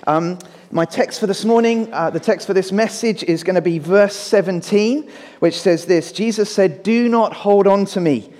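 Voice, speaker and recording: A man preaching a family Easter sermon in church, lively and speaking to children and adults alike. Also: sits high, normal speed. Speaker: pastor. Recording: church hall reverb.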